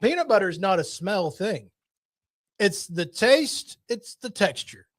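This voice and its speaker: A man's voice: high voice, very animated, a little slow. A man co-hosting a casual sports talk show, giving his blunt verdict on a sandwich in a drawl. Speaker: podcast co-host.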